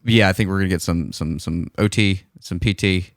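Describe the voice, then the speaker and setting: A man's voice: sits low, fairly quick, no echo, studio quality. A man co-hosting a podcast in easygoing casual chat, often with short agreeing replies. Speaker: podcast co-host.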